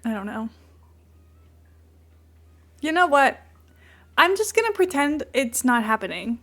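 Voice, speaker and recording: A woman with a slightly high voice chats loosely through a game livestream. She rambles from thought to thought and drops into soft cooing whenever her cat comes near. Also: sing-song, a little slow. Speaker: game streamer. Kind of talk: casual livestream chat.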